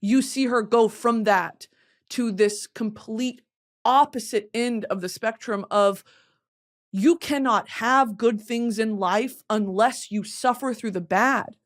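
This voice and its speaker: A woman's voice: on the high side, takes it slowly. A young woman host in casual chat about a book, candid and emotional, swearing freely.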